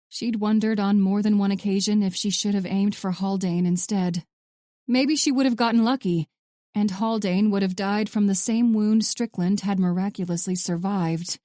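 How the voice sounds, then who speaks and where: Mellow-voiced woman audiobook narrator. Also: medium pitch, dry recording, studio quality. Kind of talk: scripted thriller narration.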